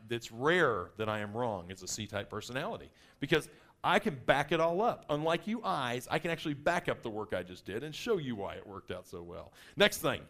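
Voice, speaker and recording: Man, middle-aged, workshop presenter, energetic seminar delivery, swooping lively pitch. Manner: animated, acts out personality types in quick voices.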